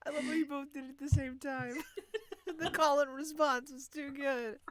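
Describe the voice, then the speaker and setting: A woman's voice: high voice, moderate pace. A woman player joking and bantering during a tabletop game. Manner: animated, jokey.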